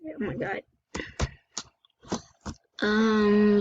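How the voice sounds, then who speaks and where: A woman hosting her gaming channel, chatting excitably through live gameplay commentary, often exclaiming and apologizing. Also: fairly high pitch, measured pace, long pauses. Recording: dull lo-fi recording with faint hiss.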